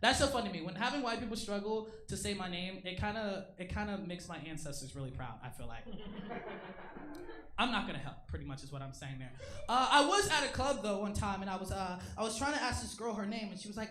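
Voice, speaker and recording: A young man with a high voice working a stand-up set, animated and self-mocking as he flips into quick put-on voices. He is heard in an echoey club room with clear noise around the mic. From Eritrean family. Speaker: stand-up comedian. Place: comedy club stage.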